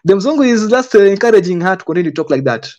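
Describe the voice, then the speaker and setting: A man's voice: high voice, sing-song, racing, a little mellow, dull audio. A man gives indignant commentary on a book he reads aloud, often asking pointed rhetorical questions.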